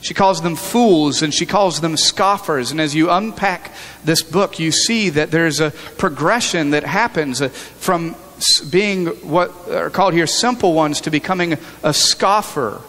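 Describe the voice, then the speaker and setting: Male pastor, fairly high voice, earnest conversational sermon, church hall reverb. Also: measured pace, hardly any pauses, a bit bright. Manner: earnest, conversational preaching with frequent restarts. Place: church sanctuary.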